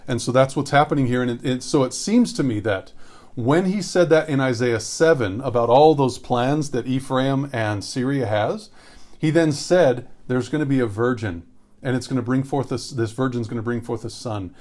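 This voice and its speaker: A man, a pastor, teaching through a Bible chapter in a conversational way, reading verses slowly and repeating phrases for emphasis. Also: mid-range voice, a little mellow.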